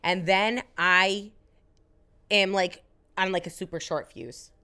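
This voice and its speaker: A young woman co-hosting a podcast in casual chat, animated and swearing freely as she acts out her own reactions. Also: medium pitch, slow, clean tone. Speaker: podcast co-host.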